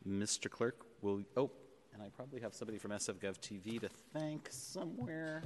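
A man chairing a public board meeting, speaking in a measured way with frequent ums and uhs, in a large chamber. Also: on the low side, a little hiss or hum. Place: legislative chamber in city hall. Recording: long reverb of a large chamber.

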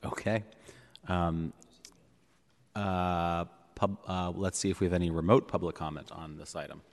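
A man chairing a public board meeting in a relaxed way, with a few fillers. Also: deep voice, a little slow. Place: city hall chamber. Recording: long reverb of a hall.

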